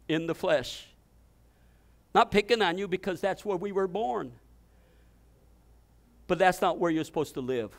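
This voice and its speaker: A pastor preaching an impassioned sermon, swinging between loud declarations and hushed, intimate passages. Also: male voice, high voice, measured pace, vocal fry, long pauses.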